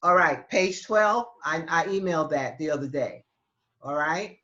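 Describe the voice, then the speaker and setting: A woman's voice: deep voice, expressive, a bit bright. Patient woman teaching over muffled call. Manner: patient, halting explanations with many restarts. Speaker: Spanish teacher. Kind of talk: online class for seniors.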